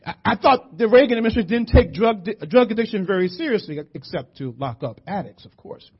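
A middle-aged man from West Philadelphia preaching a sermon, animated and storytelling, shouting for emphasis. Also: sits high, fairly quick, husky. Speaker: pastor. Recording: muffled lo-fi church audio.

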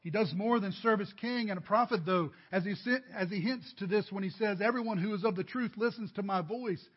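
Guy preaching to his church, high-ish husky voice, kinda muffled recording. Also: a little fast. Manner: preaching with emphatic rises, addressing the congregation directly. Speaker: pastor. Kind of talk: sermon.

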